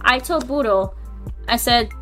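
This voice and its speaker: A woman's voice: on the high side, measured pace, a bit bright, soft background music. A woman co-hosting a podcast, chatting casually and filling her talk with "like," heard over a remote call. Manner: chatty, lots of "like" fillers. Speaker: podcast co-host. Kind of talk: casual chat.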